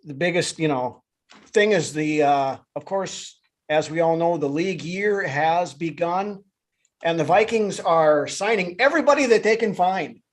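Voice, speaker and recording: A man's voice: a little high, unhurried. A man co-hosting a live sports talk show, chatting casually with lots of fillers and restarts. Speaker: podcast co-host.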